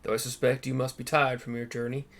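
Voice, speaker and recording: A man's voice: medium pitch, little pitch movement, fast, gravelly, a bit bright. A man putting on a grave fantasy scholar with a Texan drawl, formal and stiff, mid-range voice, for a game read-through. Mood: grave, earnest. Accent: attempted Texan. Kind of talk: reading game dialogue aloud.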